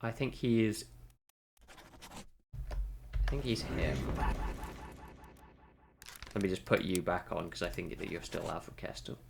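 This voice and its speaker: A man's voice: low-pitched, brisk, creaky, hardly any pauses, noisy background. A man streaming a game, who talks to himself in a casual, rambling way and often corrects himself. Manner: thinks aloud, rambling and self-correcting. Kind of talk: casual gameplay commentary.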